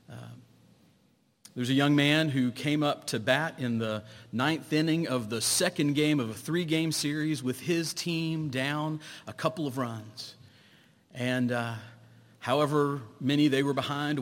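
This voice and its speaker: A man, a pastor, preaching a sermon, telling stories and swinging between loud exclamations and hushed low tones. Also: long reverb tail.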